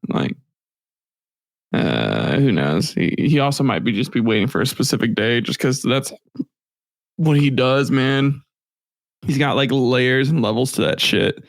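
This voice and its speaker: A man's voice: medium pitch, lively intonation, unhurried, vocal fry, long pauses, dry recording, low-quality recording. A young man co-hosting a podcast, chatting loosely with lots of slang and laughter. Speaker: podcast co-host. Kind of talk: casual chat.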